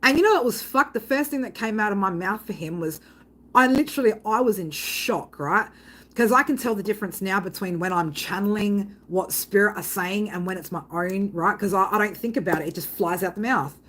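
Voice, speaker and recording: A woman's voice: medium pitch, a little fast, fairly bright tone. Woman, psychic reader vlogging, casual storytelling, blunt and sweary, rambling. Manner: rambling, blunt, swears freely, frequent "right?".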